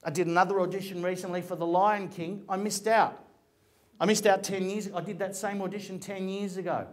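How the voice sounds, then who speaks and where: A middle-aged man talks through his career stories in a loose, rambling style. He often restarts his sentences mid-thought. His voice sits a bit higher than most men's. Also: steady tone, a little fast. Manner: chatty, rambling, with frequent restarts. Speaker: actor giving a talk. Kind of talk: casual storytelling talk.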